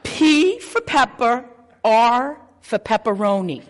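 A woman's voice: a little high, big pitch swings, slow pace. A woman telling a personal story live, brash and swearing freely as she acts out scenes. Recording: long hall reverb.

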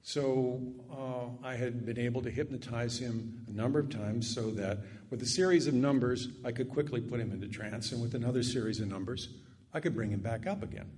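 An older man spins a story for a live crowd into a stage microphone. He talks in an animated, chatty way, full of asides and little jokes at his own expense, at a middling pitch. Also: brisk. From Annapolis area. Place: stage before a live audience.

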